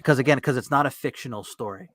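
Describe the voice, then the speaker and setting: A man's voice: medium pitch, fast, a bit bright, dry recording, clean studio sound. Easygoing male podcast host. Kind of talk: casual podcast chat. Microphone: podcast studio mic.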